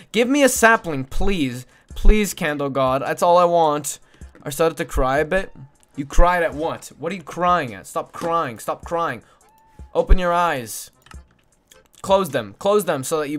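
A young man live-streaming a game, mumbling to himself and his chat, swearing often and breaking into loud excited shouts. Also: fairly high pitch. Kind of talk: casual gaming livestream chat.

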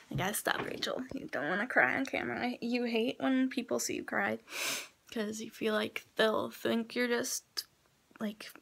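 Une femme qui se confie à sa caméra chez elle, bouleversée et au bord des larmes, qui jure et parle souvent à voix presque chuchotée. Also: female voice, fairly high pitch, creaky, pushed and bright, recorded from a distance. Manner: upset, rambling and swearing, often dropping to a near whisper. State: close to tears. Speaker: vlogger. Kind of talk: casual vlog talk to camera. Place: at home in front of a mirror.

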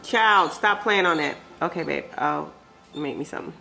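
A woman's voice: low voice, moderate pace, creaky, bright, forceful tone, soft background music. A young woman, rambling through a casual family vlog, saying y'all a lot. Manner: chatty, rambling, uses y'all. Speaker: family vlogger, mother.

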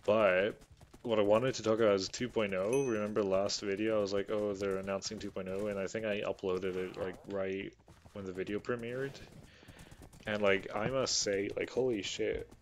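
A man giving casual gameplay commentary, chatty and excitable, swearing casually as he plays. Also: lowish voice, moderate pace. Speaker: gaming YouTuber.

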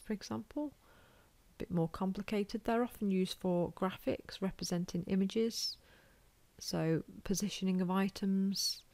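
Relaxed British woman lecturing, gravelly voice. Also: lowish voice, no echo. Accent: British English. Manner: informal, self-deprecating, thinks aloud while drawing. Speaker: college lecturer. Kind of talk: recorded whiteboard lecture.

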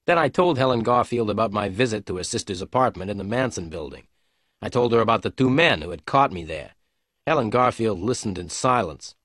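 Low-voiced man narrating a story. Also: expressive, fairly bright tone, no echo, studio quality. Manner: clear, measured reading. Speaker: audiobook narrator. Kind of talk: scripted narration for English learners.

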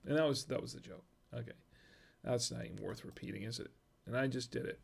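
A man's voice: mid-range voice, fast, vocal fry, slightly rough. A man hosting a casual livestream, reading viewer jokes, chuckling at them and trailing off mid-sentence.

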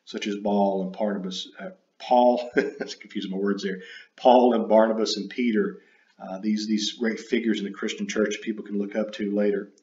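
A man giving an unscripted lecture, halting and full of fillers and self-corrections. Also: on the low side, fairly even intonation, darkish tone. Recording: dull roomy recording.

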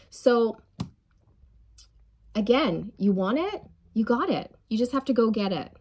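A woman's voice: medium pitch, a little mellow. A woman giving a channeled tarot reading, emphatic and encouraging, often repeating phrases and checking in with "okay?" and "right?". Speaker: tarot reader.

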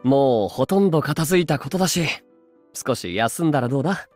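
An actor voicing an easygoing, protective young man who gently teases his girlfriend in a game's dub dialogue. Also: medium pitch, animated, racing, faint music behind, lightly acted. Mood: teasing. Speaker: game character voice. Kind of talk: Japanese dub game dialogue.

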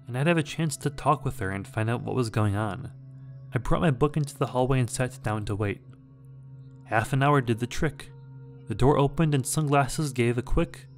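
A man reading a scary story aloud in a measured, dramatic way. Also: medium pitch. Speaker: horror story narrator. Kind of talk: scripted horror story narration.

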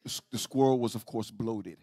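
Husky-voiced pastor preaching. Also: male voice, medium pitch, brisk, dry recording, clean studio sound. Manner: storytelling, repeats and restarts words, swings between soft and loud. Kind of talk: sermon. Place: church sanctuary.

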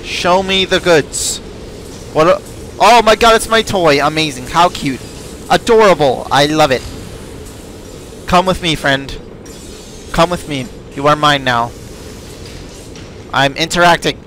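A man's voice: a little high, a little slow, long pauses, a bit bright, slight background noise. A man giving let's play commentary, chatting to game characters and yelping when chased. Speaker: gaming video creator.

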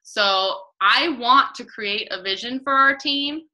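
A woman's voice: a little high, slow pace, bright, forceful tone, low-quality recording. A woman leading a team call, talking casually and rambling with many restarts.

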